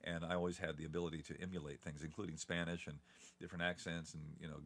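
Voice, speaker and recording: A middle-aged man from Southern Ohio with a faint Appalachian accent and a deep, gravelly, slightly congested voice, chatting in a relaxed, rambling way as an interview guest. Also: fast talker. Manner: relaxed, rambling storyteller with chuckles. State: a bit congested. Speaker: guest, TV announcer. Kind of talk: casual interview chat.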